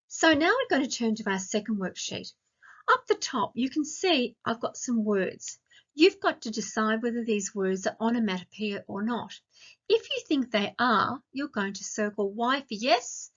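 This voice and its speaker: Australian teacher woman, slow and clear. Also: on the high side, a bit bright. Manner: slow, clear, questioning tone for children. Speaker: primary school teacher. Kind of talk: recorded grammar lesson for young children. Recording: dull lo-fi sound.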